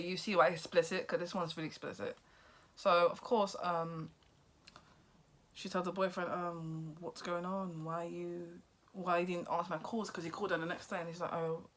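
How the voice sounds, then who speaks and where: Woman, vlogger, casual movie recap, rambling, lowish voice, excited outbursts. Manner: rambling retelling, acts out lines, excited outbursts.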